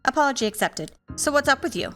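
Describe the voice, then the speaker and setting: A woman's voice: high-pitched, sing-song, fast talker, bright, forceful tone, soft background music, exaggerated voice. A woman voicing a young female medical student who calls herself a modern-day Viking and speaks in a matter-of-fact, wry way. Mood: plain.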